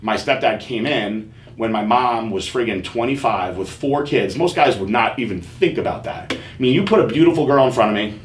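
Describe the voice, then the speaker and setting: A man's voice: mid-range voice, expressive, moderate pace, hardly any pauses. Male podcast host, candid and profane, casual storyteller, echoey room, faint hiss.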